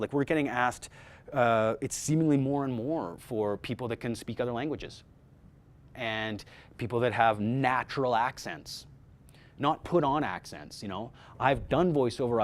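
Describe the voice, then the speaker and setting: A middle-aged man leads a voice-over workshop, talking with energy to a room of actors. He has a mid-range voice, keeps restarting his phrases, and calls his listeners "guys" in a loose, direct way. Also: mid-range voice. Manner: energetic, many restarts, speaks directly to the group. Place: room with a small live audience.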